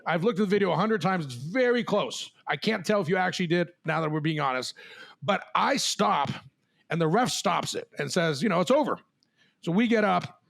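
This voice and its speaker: Animated storytelling man, high voice. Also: a little fast, vocal fry. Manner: animated, swears, laughs while telling stories. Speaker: podcast host. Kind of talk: storytelling in casual chat.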